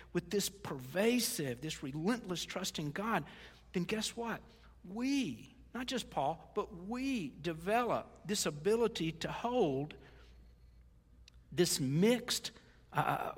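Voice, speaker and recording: An older man preaching a sermon as a pastor, conversational, with stumbles and folksy asides. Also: high voice. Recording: reverberant hall.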